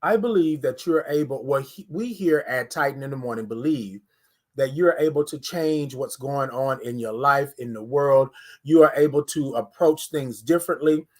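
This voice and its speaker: Energetic man hosting a live morning stream. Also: mid-range voice, moderate pace. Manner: energetic, talks straight to viewers, repeats phrases. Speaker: morning livestream host. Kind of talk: casual livestream talk with guided breathing. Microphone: phone or webcam close to face.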